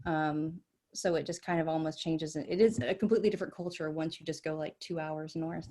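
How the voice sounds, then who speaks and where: A woman's voice: low-pitched, steady tone, fairly quick, mellow. Chatty woman from Mississippi on a call. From Gulf Coast of Mississippi. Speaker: student club member. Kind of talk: casual video call chat. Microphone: video call.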